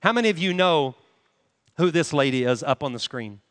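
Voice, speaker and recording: A man with a high, light voice delivers a sermon through a handheld mic, earnestly putting questions to his congregation. His voice carries a long reverb tail from a large church hall. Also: lively intonation, normal speed, a bit bright. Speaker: preacher. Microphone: handheld microphone.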